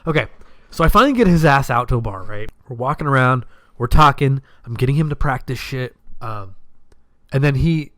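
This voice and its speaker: A man's voice: medium pitch, lively intonation, brisk, a bit bright, no room sound. A young man hosting a podcast, telling a casual story in a rambling way, swearing freely and acting out what his friends said. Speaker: podcast host.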